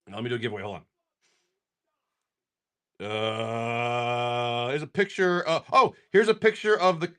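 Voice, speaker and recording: With a fairly bright tone, a young adult man opens card packs on stream, listing card names at speed and joking with his chat. His pitch rises and falls dramatically, and he talks in a loose, rambling manner.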